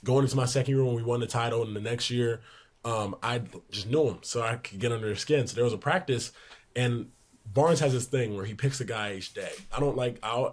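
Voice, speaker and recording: A young man in his twenties, a podcast guest, telling lively locker-room anecdotes in a casual way, laughing along. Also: mid-range voice. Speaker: podcast guest, pro basketball player. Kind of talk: casual storytelling in a sports podcast.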